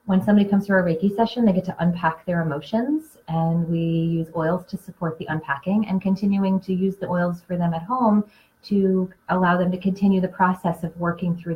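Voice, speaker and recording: A woman hosts a casual live class in a lowish voice. She chats easily and gets animated when she tells stories. The sound is dull and lo-fi, like a home live stream. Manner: chatty storyteller, animated when telling anecdotes. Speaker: essential oils class host and Reiki practitioner.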